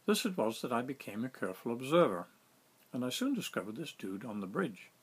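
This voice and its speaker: Wry, husky male storyteller. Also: medium pitch, a little fast. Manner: wry, self-mocking, lively. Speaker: author reading his own story. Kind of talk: storytelling narration.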